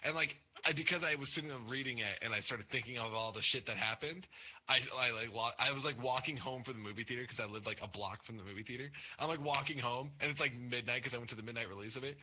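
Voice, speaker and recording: A young man hosting a podcast, telling stories in casual chat, swearing often and jumping up in pitch as he acts out other people. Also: fast, highs cut off, slight background noise. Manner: swears a lot, animated storytelling with pitch jumps. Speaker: podcast host.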